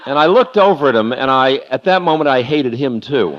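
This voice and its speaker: A man's voice: medium pitch, expressive, fairly quick, dull audio, background noise. Candid man telling a story at a lecture. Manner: candid confessional storytelling, laughing at himself. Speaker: spiritual lecturer.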